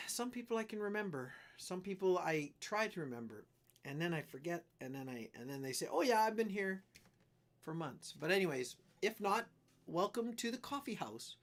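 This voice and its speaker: A man's voice: fairly high pitch, a bit bright. A man from Canada hosting a casual livestream, rambling and joking about himself as he jumps between topics and reads comments. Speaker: livestream host and musician. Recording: guitar music behind. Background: guitar music.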